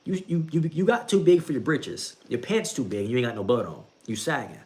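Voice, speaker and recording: A Bible-reading streamer, a young man with a mid-range, fairly quick and slightly mellow voice, speaks with lively intonation in a casual talk about faith. He repeats himself a lot, keeps calling the listener bro and laughs at his own jokes.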